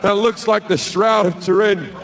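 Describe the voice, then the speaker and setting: A man's voice: high voice, fairly even intonation, moderate pace, gravelly, background noise. A middle-aged man doing stand-up comedy, telling a crude story bluntly with lots of swearing, on a club stage with a handheld mic. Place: comedy club stage before a live audience.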